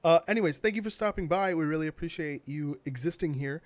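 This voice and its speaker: A young man with a slightly high voice co-hosts a casual gaming podcast, talking quickly about gaming news. He's blunt and sarcastic and swears freely.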